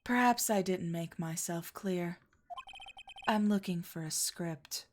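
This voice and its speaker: A woman's voice: fairly low pitch, slow, background noise. A woman voicing an aloof, cold female film producer, reading game dialogue in a curt, disdainful way. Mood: dismissive.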